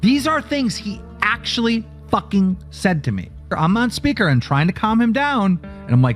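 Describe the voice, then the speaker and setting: A man's voice: high voice, very animated, normal speed, few pauses, soft background music. A man telling a heated story in a profane, agitated way, acting out both sides of a phone call. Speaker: streamer recounting a phone call.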